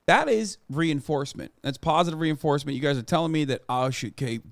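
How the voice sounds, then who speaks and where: A man's voice: a little high, fairly quick, creaky, hardly any pauses, dry recording, studio quality. A man streaming and reacting to news clips in casual, sarcastic, profane commentary. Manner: joking, sarcastic, swears a lot.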